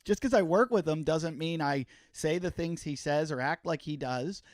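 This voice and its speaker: Brief: male podcast host, slightly high voice, animated and jokey, dry close sound. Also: moderate pace, no echo. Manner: animated, profane, jokey storytelling. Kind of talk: casual interview chat.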